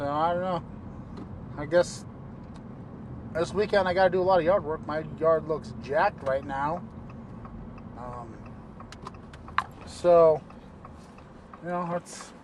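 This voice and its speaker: Rambling paramedic talking while driving. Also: male voice, high voice, fairly even intonation, a little slow, long pauses, noisy background. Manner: rambling, trailing off with fillers. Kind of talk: casual vlog monologue. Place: inside a car while driving.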